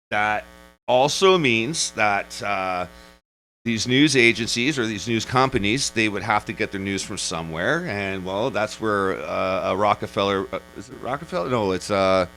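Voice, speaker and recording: A man's voice: on the low side, sharp tone, poor audio. Rambling, profane man in his forties. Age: 40s. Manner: rambling and profane, full of restarts and digressions. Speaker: vlogger. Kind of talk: casual rant.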